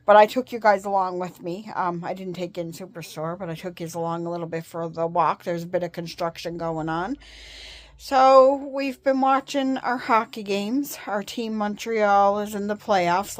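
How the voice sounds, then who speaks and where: A woman's voice: mid-range voice, steady tone, normal speed, dry recording. A woman chatting casually in a vlog, friendly and laughing often as she talks. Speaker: vlogger.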